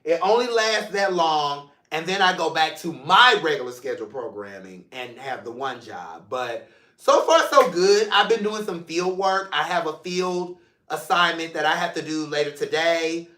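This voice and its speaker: A man hosts his own vlog in a loose, playful, affectionate way, speaking straight to his viewers. His voice sits a bit high and sounds vivid and bright. The room around him is noticeably echoey. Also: lively intonation, normal speed. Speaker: mental health show host. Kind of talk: casual solo vlog talk. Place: seated in a room at home.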